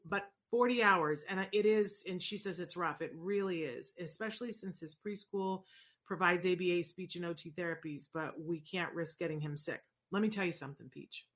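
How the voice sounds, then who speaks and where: Earnest encouraging woman, lowish voice. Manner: earnest, encouraging, rhetorical asides. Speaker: host answering viewer questions. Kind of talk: casual advice talk.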